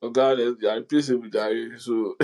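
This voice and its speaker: A young man's mid-range voice comes through poor audio as he hosts a laid-back podcast, an animated storyteller who keeps laughing.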